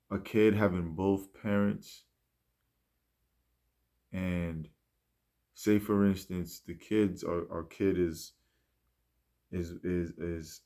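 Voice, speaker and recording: A man speaking in a rambling, reflective monologue, often restarting and trailing off softly. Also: deep voice. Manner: rambling, many fillers and restarts; soft-spoken, trailing off. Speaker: musician speaking about his mindset.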